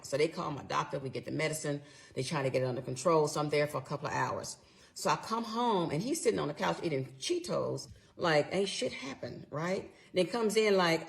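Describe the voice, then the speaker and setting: A middle-aged woman recounting a painful personal story in an animated, emotional way, acting out what people said. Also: sits low, brisk. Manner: animated, emotional retelling, acts out quotes. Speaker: storyteller in played clip.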